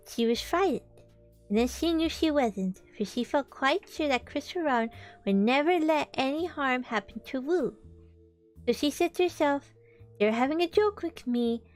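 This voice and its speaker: A woman streamer reading a storybook aloud, with chatty, playful asides. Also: sits high.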